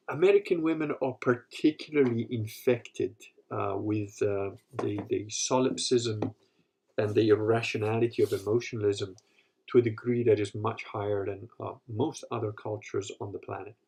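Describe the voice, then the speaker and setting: A man's voice: on the low side, darkish tone, slightly rough. A man hosting a live Q&A, telling crude, rambling stories with lots of profanity. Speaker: host answering live questions. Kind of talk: live Q&A talk.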